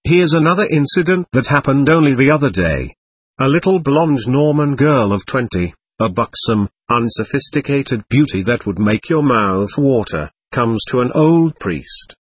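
A man reading the part of a suave, mocking male devil who talks like a worldly gentleman, with an ironic, chatty manner. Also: medium pitch, lively intonation, moderate pace, husky, dry recording. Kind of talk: audiobook character reading.

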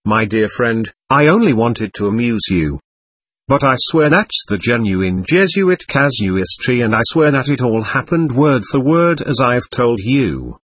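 A man reading the part of a suave, mocking male devil who talks like a worldly gentleman, with an ironic, chatty manner. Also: mid-range voice, animated, a little slow, breathy edge, no room sound. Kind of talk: audiobook character reading.

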